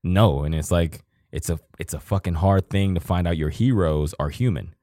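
A man's voice: deep voice, moderate pace, dark tone, no echo, studio quality. A man in his thirties co-hosting a podcast, talking casually and from the heart, rambling and swearing freely. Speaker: podcast co-host. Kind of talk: casual emotional conversation.

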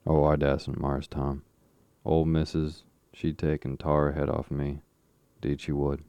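A man's voice: very deep voice, completely flat delivery, a little slow, mellow, no room sound. A man reading the part of a timid, fearful young boy who speaks in a rural dialect.

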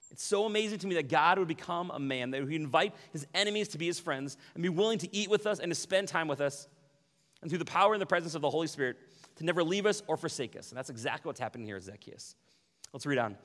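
A man preaching a sermon as pastor, animated, often acting out quoted voices. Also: a little high, brisk. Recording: long hall reverb.

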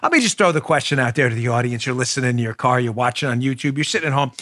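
A man's voice: medium pitch, rapid-fire, sharp tone, no echo. A man hosting a political talk show, emphatic and combative, speaking straight to his listeners and reading ads.

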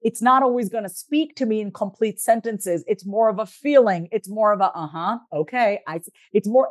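A woman, a therapist and author, speaking as a podcast guest and explaining her ideas in a steady, reflective, teaching way. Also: mid-range voice. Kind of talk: casual interview talk.

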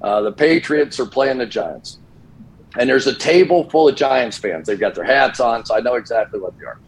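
Voicing the characters as he goes, an older football broadcaster relates stories casually on a sports talk show in an animated way. He speaks in a creaky, mid-range voice at a normal speed, and the recording sounds rough.

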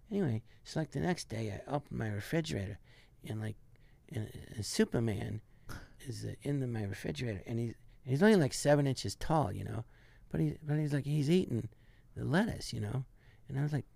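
A man's voice: medium pitch, expressive, fairly quick, gravelly, a little mellow, no echo. A man telling a rambling comic anecdote as a guest, with frequent restarts. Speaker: guest comedian. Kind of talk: casual storytelling.

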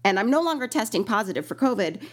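A woman in casual conversation, animated and quick to laugh, still recovering from an illness. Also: medium pitch. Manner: animated, laughs often, acts out quoted voices. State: recovering from illness, lingering cough. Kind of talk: casual storytelling chat.

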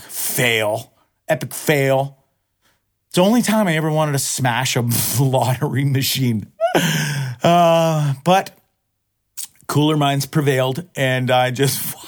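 A middle-aged man talks on his solo podcast in a voice pitched a little high. He rambles, swears freely and laughs at his own expense. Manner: rambling, profane, self-mocking with frequent laughs. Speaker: podcast host. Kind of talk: casual solo podcast chat.

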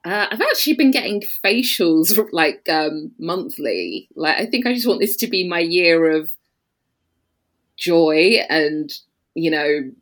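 A woman from London with a London English accent, chatting as a podcast guest, laughing often and filling pauses with "um" and "you know.". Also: lowish voice, lively intonation. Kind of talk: casual interview chat.

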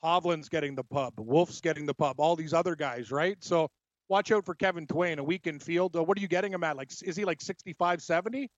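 A man co-hosting a casual sports betting show, an animated storyteller giving his picks. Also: fairly high pitch, quick pace, dry recording. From Scotland. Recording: dry, dull lo-fi sound.

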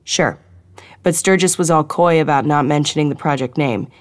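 A woman's voice: sits low, no room sound, close to an everyday voice. A woman voicing a brash, eager young female field agent with a wisecracking manner. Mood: conspiratorial. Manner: quick, wisecracking, conspiratorial.

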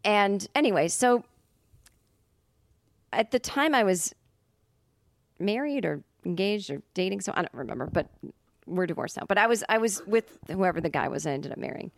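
A woman's voice: mid-range voice, lively intonation, moderate pace, vocal fry, pauses often, no room sound. Rambling woman comedian telling a story. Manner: rambling, many fillers and self-corrections. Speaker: comedian and podcast guest. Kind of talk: casual storytelling.

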